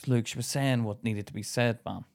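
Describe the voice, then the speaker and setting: A man's voice: medium pitch, a little fast, creaky. A man with a British accent, co-hosting a podcast and telling a story in casual chat, imitating others as he goes. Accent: British English. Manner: animated, mimics others in a sing-song voice. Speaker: podcast co-host.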